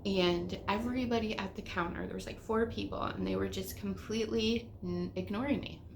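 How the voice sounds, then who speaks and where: A middle-aged woman giving a casual spiritual talk, telling stories with animated swings between whispers and exclamations and swearing casually. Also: mid-range voice, brisk, gravelly, noisy background. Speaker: spiritual teacher. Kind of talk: casual spiritual teaching monologue.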